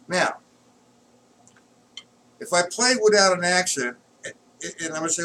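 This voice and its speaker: A man teaching drums in a live-streamed lesson, explaining patterns patiently and counting beats aloud loudly while he plays. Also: fairly high pitch, animated, moderate pace, long pauses, slight background noise. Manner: explains patiently, checks if students follow. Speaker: drum teacher. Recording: distant mic with loud drumming.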